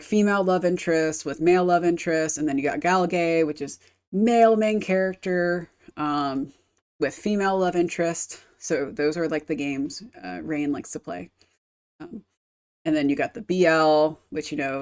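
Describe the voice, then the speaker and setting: A woman's voice: sits low, a little mellow. A woman game streamer chatting casually on a live stream, rambling and explaining with casual swearing.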